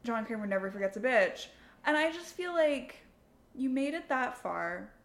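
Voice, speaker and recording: A woman's voice: fairly high pitch, lively intonation, normal speed, roomy sound. A woman co-hosting a casual movie review podcast, blunt and opinionated, with lots of "like" in her speech. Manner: blunt, opinionated, says "like" often. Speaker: podcast co-host.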